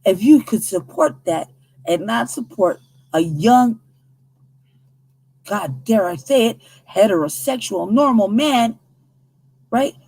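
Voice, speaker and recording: An American woman hosting a news commentary show, talking in a heated, emphatic, profane way with a husky voice. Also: on the high side, a little mellow. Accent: American English. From United States.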